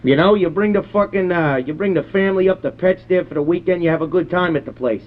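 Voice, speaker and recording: On a phone-line prank call, a man speaks in a high, quick, lightly acted voice as a crude, hot-tempered middle-aged rural man. The character is gruff and belligerent, rambling and cursing nonstop.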